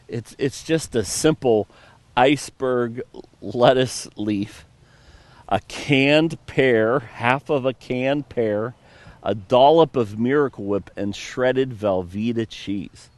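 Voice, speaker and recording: Slow-paced storytelling pastor, dry sound. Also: male voice, no room sound. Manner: storytelling, acts out characters with sudden pitch jumps. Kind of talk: sermon.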